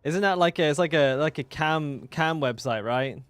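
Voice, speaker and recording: A man's voice: on the high side, normal speed, a bit bright, clean tone, dry recording. A British man chatting casually with his stream chat while gaming, joking and swearing. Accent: British English. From Britain.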